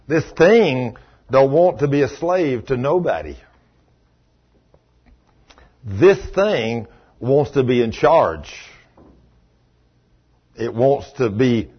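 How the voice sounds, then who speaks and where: Man, pastor, sermon, husky voice, dull lo-fi recording. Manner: storytelling preacher, swinging from loud exclamations to hushed low passages.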